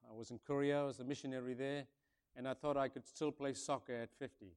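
A man over fifty from Africa preaching a sermon, booming on key points, then dropping low and soft, and repeating his phrases. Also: steady tone, fast talker, smooth. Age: older, over fifty. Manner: swings between booming emphasis and hushed softness, repeats key phrases.

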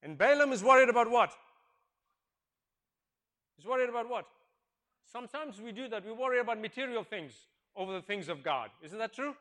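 A male preacher retelling a story in a sermon, acting out the characters and asking the congregation questions, swinging from hushed tones to loud exclamations. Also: extremely high pitch, expressive, fairly quick, long pauses. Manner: dramatic, swings from hushed to shouting, acts out characters.

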